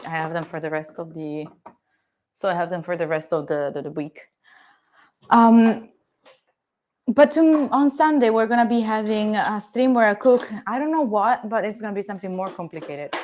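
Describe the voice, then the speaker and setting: There's slight background noise as a young Italian woman, speaking with an Italian accent, cooks at home and banters with her stream. Her mid-range voice has a darkish tone, and she's playful and chatty, teasing chat and swearing casually.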